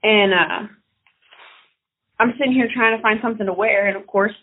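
A young woman telling stories in casual chat, acting out loud quotes with big swings. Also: medium pitch, moderate pace. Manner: animated storyteller, swings into loud mock quotes. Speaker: podcast co-host. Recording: tinny phone-like audio.

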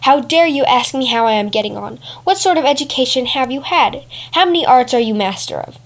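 A woman's voice: high-pitched, expressive, brisk. A woman voicing a proud, mocking male fox in a storybook reading. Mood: scornful. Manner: haughty and mocking.

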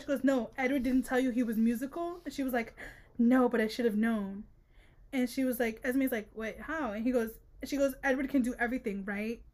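A woman co-hosting a casual book-club podcast, reading passages aloud and riffing on them with exasperated jokes. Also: high voice. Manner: animated, reads quotes aloud and riffs with exasperated jokes. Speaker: podcast co-host.

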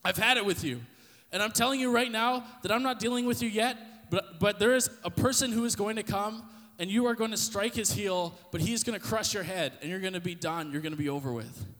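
A man voicing God as a loud, casual, jokey male figure calling out. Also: sits high, brisk. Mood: stern. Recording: long reverb.

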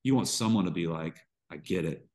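A man with a very deep, low voice shares his personal struggles as a podcast guest. He talks in halting bursts, restarting sentences and circling back as he works through what he feels. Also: darkish tone. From Georgia. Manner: halting, restarts often, emotional storytelling. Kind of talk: candid interview conversation.

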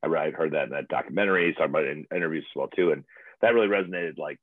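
A man in his late forties talking in a rambling, excitable way, swearing freely in casual chat. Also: extremely low pitch, rapid-fire, no room sound. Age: late 40s. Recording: tinny phone line.

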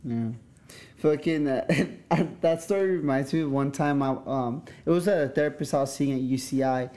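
Mellow-voiced rambling young man. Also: medium pitch, normal speed. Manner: rambling, hedging, slangy. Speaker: podcast co-host. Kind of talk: casual chat.

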